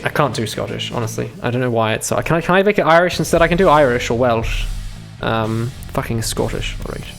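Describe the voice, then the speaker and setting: A man's voice: medium pitch, normal speed, vocal fry. Young guy streaming a story game, reads it out then rambles and swears, faint music behind. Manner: profane, chatty, jumps between reading and commentary. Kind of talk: live-streamed visual novel playthrough, reading aloud.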